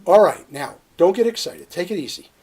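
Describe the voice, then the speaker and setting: A calm, patient straight man, played by a woman, who gives low, matter-of-fact answers and soothes his partner by telling him not to get excited. The pitch still moves around lively. One performer carries the whole comedy routine. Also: fairly quick, husky. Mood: soothing.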